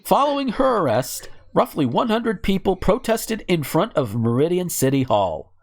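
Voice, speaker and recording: A man's voice: high-pitched, very animated, normal speed, gravelly, darkish tone. A man hosts a casual podcast, reading news stories and breaking into sarcastic, profane asides. His voice swings widely up and down as he talks. He sounds chatty and a bit ranty. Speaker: podcast host.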